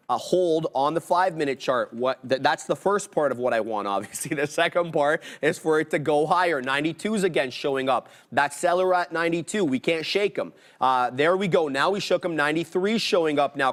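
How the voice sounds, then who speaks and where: Excitable man calling live trades. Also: on the high side, moderate pace. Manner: energetic, excitable play-by-play with hype outbursts. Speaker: live trading stream host. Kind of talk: live trading commentary.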